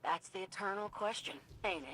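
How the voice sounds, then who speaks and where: A woman's voice: medium pitch, steady tone, normal speed, pushed and bright, a little hiss or hum, natural voice. An actress playing a cocky female pilot who teases soldiers, in video game dialogue. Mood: teasing. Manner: teasing, swaggering.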